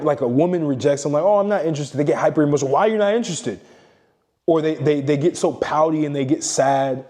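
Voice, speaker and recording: A man's voice: mid-range voice, warm tone. A man giving a blunt, profane motivational monologue as a self-improvement coach, lecturing emphatically.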